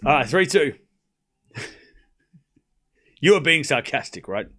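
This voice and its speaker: A man's voice: medium pitch, expressive, slow, sharp tone. Chatty Australian man calling tennis. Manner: chatty, laughs often, calls points between chat replies. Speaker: streamer and host. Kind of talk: live watchalong commentary, reading chat.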